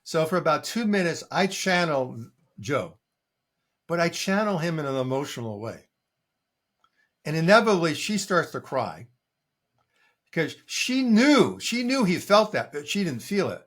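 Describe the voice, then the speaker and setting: An older man, a coach being interviewed, telling stories in a lively way and acting out what his clients say. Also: fairly high pitch, a little slow, pauses often. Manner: animated storytelling, acting out quoted clients. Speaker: coach and guest. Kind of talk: conversational interview answer.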